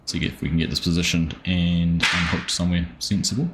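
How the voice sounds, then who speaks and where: A man's voice: low voice, level tone, a little fast, very noisy. A man streaming a farming game live, chatting easily and greeting viewers by name with plenty of ums.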